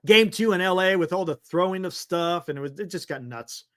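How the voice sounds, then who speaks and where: Chatty bright-voiced man hosting a sports stream. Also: sits high, brisk. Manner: loose and chatty, laughs often, many fillers. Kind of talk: casual live-stream chat reading viewer comments.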